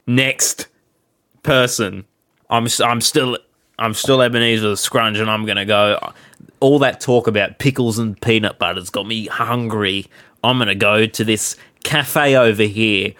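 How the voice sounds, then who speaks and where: A man's voice: fairly low pitch, steady tone, unhurried, a bit bright, dry recording. A man improvising comic narration with rambling, self-mocking asides. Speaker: comedy podcast co-host.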